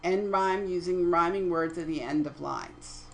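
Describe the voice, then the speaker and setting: A woman's voice: on the low side, measured pace, vocal fry, slight background noise, rough recording. A woman teaching poetry terms in a lecture over slides, reading definitions steadily and correcting her own slips. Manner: methodical, reads definitions aloud, self-corrects slips.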